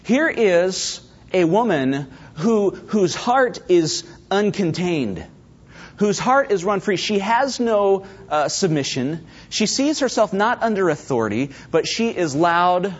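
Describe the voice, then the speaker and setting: A man preaching a sermon, his husky voice riding a lively, swooping pitch as he acts out voices and turns to the congregation. The recording is dull and lo-fi. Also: takes it slowly. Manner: animated, acts out quoted voices, talks directly to congregation. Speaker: pastor.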